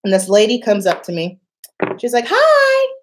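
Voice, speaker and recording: A woman's voice: medium pitch, brisk. A young woman telling a personal story to camera in a casual vlog, acting out the voices of the people in it. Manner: animated, acts out quoted voices, laughs often. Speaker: beauty vlogger.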